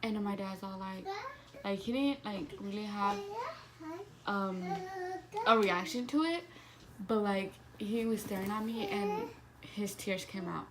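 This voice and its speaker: A young woman in a vlog tells a story about her own life in a loose, chatty way. Her voice sits at an ordinary middle pitch, and she swears easily and leans on "like" constantly. A steady hiss of background noise runs under the recording. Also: a little slow. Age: young adult. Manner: casual, profane, heavy use of "like". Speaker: vlogger.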